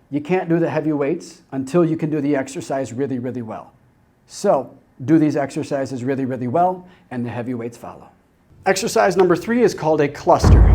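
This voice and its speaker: Brief: male fitness coach, slightly high voice, clear step-by-step instruction. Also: mellow. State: out of breath during demonstrations. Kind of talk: instructional demonstration.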